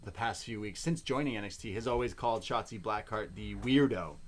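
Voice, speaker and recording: A man co-hosting a wrestling podcast, recapping the show in casual chat with animated, excitable storytelling. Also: lowish voice, brisk.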